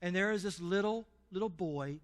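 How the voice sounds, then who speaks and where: A man with a high, light voice preaches a sermon in a church. He tells stories and puts questions to the congregation, and his words ring out with a long hall reverb. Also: normal speed. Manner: storytelling, asks the congregation questions. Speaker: pastor. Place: church sanctuary.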